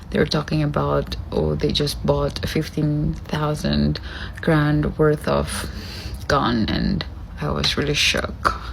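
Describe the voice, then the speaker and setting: A woman speaks hesitantly, with many pauses and fillers. Her voice is very low and slow, with gravelly fry, and a faint ambient noise sits behind her. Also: low-quality recording. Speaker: foreign worker. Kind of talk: casual talk to camera.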